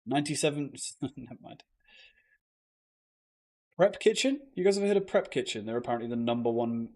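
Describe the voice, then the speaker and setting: A man's voice: medium pitch, lively intonation, a little fast, darkish tone. A young British man chatting casually on a live stream, joking with viewers and swearing freely. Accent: British English. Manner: swears a lot, loose and joking, talks to chat.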